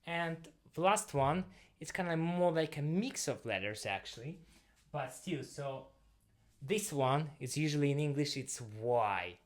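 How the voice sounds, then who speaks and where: A man with a Russian accent teaching the alphabet in English, in halting phrasing, pausing to sound out letters again and again. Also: a little high, animated. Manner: non-native English, halting phrasing, repeats sounds aloud. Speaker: language teacher. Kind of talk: explaining at a whiteboard.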